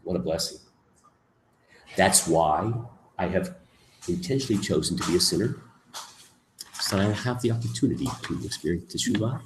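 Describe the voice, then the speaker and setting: A man teaching as a rabbi in a lecture, emphatic, moving between soft asides and loud, stressed points. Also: deep voice, lively intonation, normal speed, pauses often, slight background noise. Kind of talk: lecture on Jewish mysticism. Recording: echoey room.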